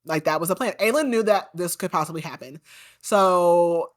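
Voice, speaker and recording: Chatty woman with a lowish voice. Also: normal speed. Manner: chatty, peppered with "like"; indignant asides about characters. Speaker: podcast host. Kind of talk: casual book recap.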